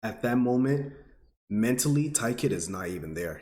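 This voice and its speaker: A man's voice: expressive, unhurried, a little mellow, reverberant. A man in his twenties, telling a personal story to his audience in an earnest, emotional way. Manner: earnest, emotional, rising pitch when stirred. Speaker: vlogger.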